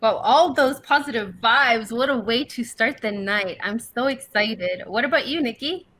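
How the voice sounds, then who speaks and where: Enthusiastic young woman, slightly high voice. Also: normal speed, fairly bright tone, slight background noise. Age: young adult. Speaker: co-host of an awards ceremony. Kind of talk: casual hosting chat. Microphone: video call.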